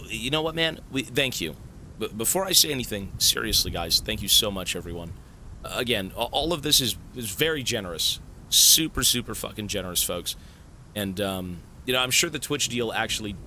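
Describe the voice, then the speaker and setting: Bright, excitable, swearing male streamer. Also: mid-range voice, slight background noise. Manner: excitable, swears a lot, stunned outbursts. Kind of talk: live stream chat, thanking subscribers.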